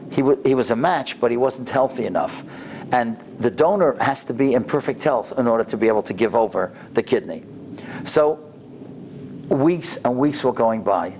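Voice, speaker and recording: A rabbi giving a lecture in a synagogue, telling a story in an animated way and acting out the quotes. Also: male voice, medium pitch, a little hiss or hum. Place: synagogue sanctuary.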